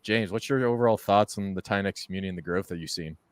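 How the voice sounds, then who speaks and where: A man hosting a casual crypto interview, telling stories with animated swings into loud excitement. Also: low-pitched, very fast, no echo. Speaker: podcast host.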